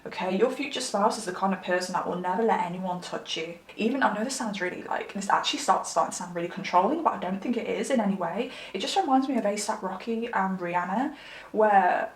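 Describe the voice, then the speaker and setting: A woman's voice: mid-range voice, fast talker, reverberant, rough recording. A woman giving a pick-a-card tarot reading in an affectionate, chatty, rambling way with lots of fillers, a little under the weather. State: slightly unwell. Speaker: tarot reader.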